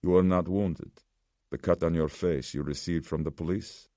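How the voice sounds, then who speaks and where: A man voicing a grave old survivor who speaks slowly and ominously. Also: sits low, steady tone, dark tone, no echo, studio quality, lightly acted. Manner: slow, grave, measured.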